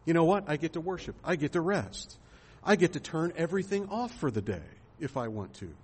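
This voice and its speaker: A man's voice: a little high, expressive, a little fast, a little mellow, slightly rough. A man pastor giving a sermon in a conversational way, asking rhetorical questions and using fillers.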